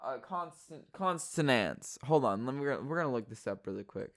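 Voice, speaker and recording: A man's voice: mid-range voice, lively intonation, normal speed, a bit bright, no echo, studio quality. A man hosting a solo podcast from his bedroom, talking in a playful, rambling way and repeating words as he drifts toward and away from the mic. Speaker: podcast host.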